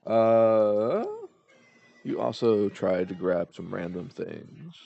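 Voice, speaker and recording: A man's voice: fairly low pitch, slow, vocal fry, lo-fi sound. A young man narrating a tabletop game as game master, explaining loosely with fillers and restarts.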